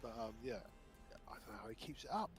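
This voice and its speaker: A man playing a video game with friends, chatting casually and agreeably, often with short quick replies. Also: mid-range voice, lively intonation, faint music behind. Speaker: co-player. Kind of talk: casual gaming chat.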